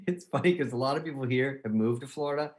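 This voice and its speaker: A man interviewing a comedian in a casual comedic chat. He is animated and laughs often, breaking into acted quotes. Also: mid-range voice, quick pace.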